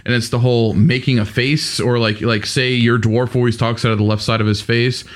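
A man talking casually on a podcast about tabletop role-playing. His voice sits at an ordinary pitch. He explains things haltingly, padding his lines with fillers while he thinks. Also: fairly even intonation. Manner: hesitant, many fillers, explanatory. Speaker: podcast co-host. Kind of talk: casual tabletop gaming chat.

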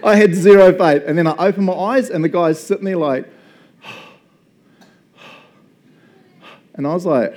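A man in his fifties, a pastor giving a casual, story-driven sermon, chatty and quick to laugh. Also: sits high, darkish tone, poor audio. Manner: casual and chatty, laughs often, says "right?" and "bro".

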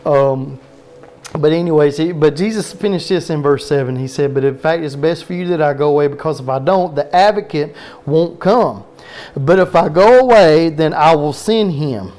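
In a fairly high, slightly mellow voice, a Southern US pastor delivers his sermon. He lingers on his words in a homespun way and questions the room as he goes.

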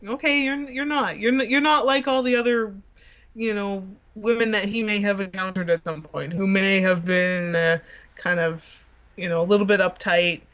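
A woman's voice: medium pitch, fairly even intonation, moderate pace, a bit bright. A woman talks casually about favorite film scenes, rambling and restarting as she searches for words. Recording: slightly dull lo-fi audio.

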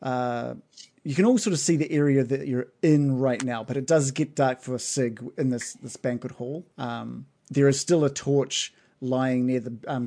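A man's voice: medium pitch, gravelly, mellow. A man narrating as game master of a tabletop game, casual and hesitant. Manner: casual, hesitant with many ums.

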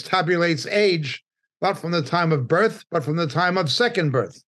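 Slow, deliberate New teacher. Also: male voice, high-pitched, fairly bright tone. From New York. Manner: deliberate, emphatic, pausing between phrases. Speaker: Bible teacher. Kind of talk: midweek Bible study teaching.

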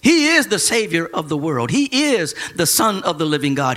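A man preaching a sermon, building from quiet reading to shouted, drawn-out emphasis. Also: sits high, sing-song. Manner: rising to shouted call-and-response cadence, drawn-out emphasis.

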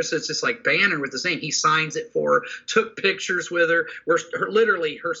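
A man in his fifties chatting about movies as a podcast guest, telling animated stories, swearing freely and calling people man and dude. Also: fairly high pitch, a little fast, gravelly, hardly any pauses, breathy edge. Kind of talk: casual chat about movies. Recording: dull lo-fi sound.

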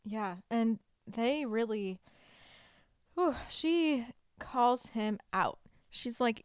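A woman co-hosting a casual book club podcast, chatty and quick to act out quotes, laughing along. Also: fairly high pitch, lively intonation, clear, resonant tone, no room sound, clean studio sound. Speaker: podcast co-host.

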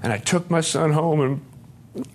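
A man's voice: a little high, slow pace, a little mellow. A middle-aged man from Montana giving a candid personal testimony at a recovery conference, blunt and profane, acting out the dialogue as he tells it. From Montana, USA.

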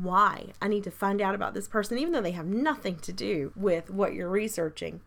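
A woman with a croaky voice hosting a casual solo podcast, chatty and rambling, with frequent light laughs and audible intakes of breath. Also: mid-range voice. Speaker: podcast host.

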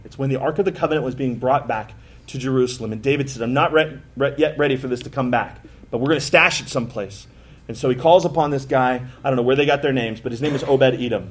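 A man's voice: mid-range voice, darkish tone. A middle-aged man, a pastor, preaching a sermon in a conversational, self-deprecating way with emphatic bursts. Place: church sanctuary.

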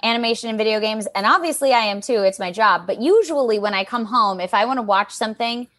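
A young adult woman, a voice actor, chatting in an interview and telling stories in an expressive, animated way with lively quoted asides. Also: on the high side, fast. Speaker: voice actor guest. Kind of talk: casual interview chat.

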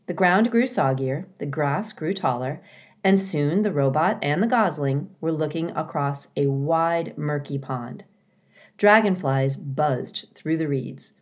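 Woman, teacher, storybook read-aloud, low voice, animated delivery. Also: takes it slowly.

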